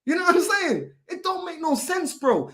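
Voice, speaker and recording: A woman's voice: very high voice, very animated, moderate pace, fairly bright tone. A woman hosting a fan channel, ranting in exasperation and firing off rhetorical questions. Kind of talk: heated football fan talk.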